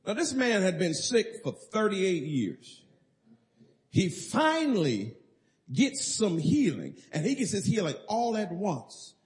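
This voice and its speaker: A pastor delivers his sermon with a notably high-pitched male voice. He preaches emphatically, pressing his points and drawing answers from the congregation. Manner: emphatic preaching with call-and-response.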